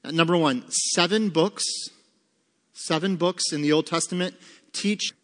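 A man's voice: fairly high pitch, a little slow, a bit bright. A man teaching a Bible lesson to a congregation, emphatic, asking rhetorical questions and answering them himself. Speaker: pastor teaching a Bible study. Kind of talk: sermon-style Bible teaching with fill-in notes. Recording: long reverb of a large room.

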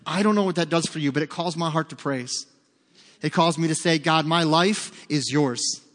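An earnest, emphatic male pastor preaches a sermon, leaning on rhetorical questions. His voice sits fairly high for a man. A long church-hall reverb follows his words. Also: brisk.

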